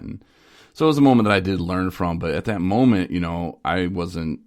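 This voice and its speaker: With a low voice and a slightly fast pace, a young man co-hosts a podcast, talking casually into a studio microphone. He rambles through candid stories, restarting often, in a dry recording.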